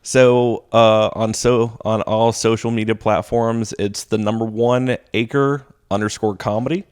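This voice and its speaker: A young adult man, a stand-up comedian, telling stories in a casual podcast chat, animated and laughing as he acts out quoted voices. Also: fairly low pitch, unhurried, clean tone. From Texas.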